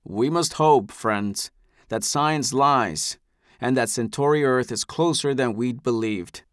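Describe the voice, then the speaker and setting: A man voicing an older male ship leader in an audiobook, speaking in a grandfatherly, theatrical, deliberate way. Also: mid-range voice, no echo, studio quality, lightly acted. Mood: grave. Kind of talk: audiobook character voice.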